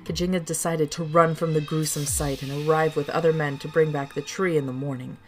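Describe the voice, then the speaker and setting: Low-voiced woman storyteller. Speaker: storyteller and author. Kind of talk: storybook narration.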